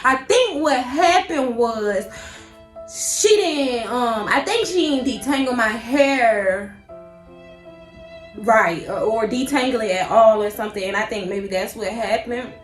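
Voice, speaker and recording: A young woman telling a personal story in a casual vlog, animated and slangy, acting out her own panicked thoughts. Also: fairly high pitch, unhurried, faint music behind. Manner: animated, slangy, dramatic inner monologue. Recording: echoey room.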